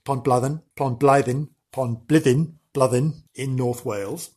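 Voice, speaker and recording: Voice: medium pitch, steady tone, unhurried, a little mellow, husky. Gossipy, theatrical comic host. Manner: theatrical, gossipy, full of gasps and oh dears. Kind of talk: comic storytelling.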